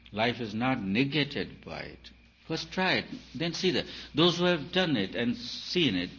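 A man, a spiritual teacher, giving an emphatic talk full of rhetorical questions, swinging between loud and soft. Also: fairly low pitch. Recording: dull lo-fi recording with faint hiss.

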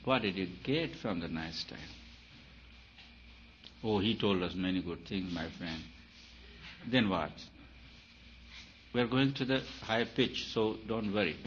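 Low-voiced man giving an emphatic spiritual talk. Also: expressive, a little slow, long pauses. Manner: emphatic, rhetorical questions, swings between loud and soft. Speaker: spiritual teacher. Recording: dull lo-fi recording with faint hiss.

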